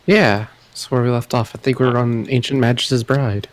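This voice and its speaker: A man's voice: mid-range voice, fairly even intonation, normal speed. A man co-hosting a podcast in casual chat, laughing often with short agreements. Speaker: podcast co-host.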